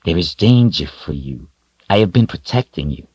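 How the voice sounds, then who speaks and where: A man voicing a loyal, protective male wolf who talks in a low, slow growl. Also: lively intonation, darkish tone, breathy edge, dry recording, lo-fi sound. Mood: earnest.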